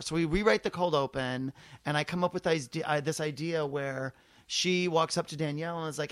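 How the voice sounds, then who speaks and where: A man's voice: fairly high pitch, moderate pace, fairly bright tone. A middle-aged man telling a long story in casual podcast chat, acting out the voices of the people in it.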